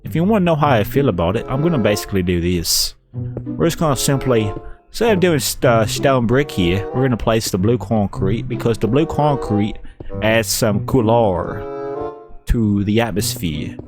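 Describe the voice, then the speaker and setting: A man's voice: fairly low pitch, animated, moderate pace, music in the background. A man with a Kentucky Southern accent giving rambling, laid-back commentary while he plays a building game on stream. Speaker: let's-play streamer. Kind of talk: casual gameplay commentary.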